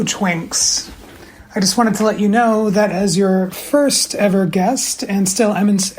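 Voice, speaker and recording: A man delivering a recorded message in slow, deliberate, deadpan, mock-pompous sarcasm. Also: sits high. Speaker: former guest sending a recorded message.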